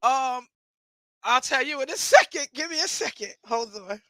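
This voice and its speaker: A woman host chatting casually as she reacts to a clip, animated and laughing easily. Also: sits high, moderate pace, no room sound.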